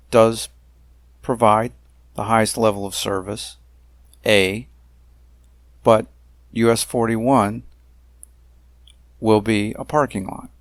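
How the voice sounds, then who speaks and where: A man narrating a slideshow about a dispute, talking in a deliberate, emphatic way with frequent pauses and fillers. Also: lowish voice, dry recording, clean studio sound. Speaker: narrator of a self-made video complaint series.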